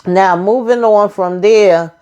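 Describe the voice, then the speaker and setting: A woman's voice: mid-range voice, takes it slowly, warm tone, smooth. A woman host casually recapping a TV episode, acting out each character's lines in a blunt, profane way.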